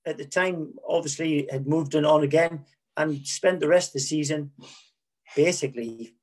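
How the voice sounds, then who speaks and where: A middle-aged man with a fairly high, husky voice recounts his playing days. He speaks frankly and rambles, backtracking to correct himself and stumbling over repeated words. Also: darkish tone. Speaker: former footballer, interview guest. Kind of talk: candid anecdotal storytelling.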